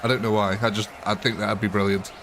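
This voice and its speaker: A man with a fairly low voice hosts a live gameplay stream, talking loosely and off the cuff. He rambles between topics, greets viewers by name and breaks into laughs often. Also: level tone, quick pace, background noise. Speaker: game livestreamer.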